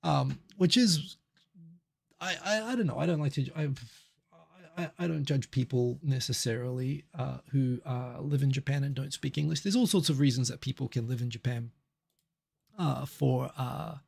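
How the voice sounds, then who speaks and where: Gravelly husky man hosting a casual stream. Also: medium pitch, moderate pace. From New Zealand. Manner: chatty, reacting to viewer comments as they arrive. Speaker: live stream host. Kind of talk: casual live stream chat.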